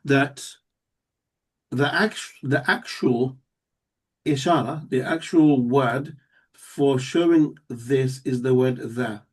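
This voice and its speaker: A man's voice: mid-range voice, slow, breathy edge. A man teaching a live Arabic class, explaining step by step and checking that students follow. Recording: voice somewhat distant from the mic.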